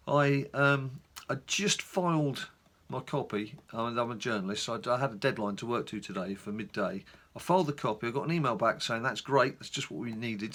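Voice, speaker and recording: A middle-aged man from England, chatting casually in a rambling, animated way on his gaming vlog. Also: medium pitch. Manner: animated storyteller, rambling asides. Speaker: gaming YouTuber.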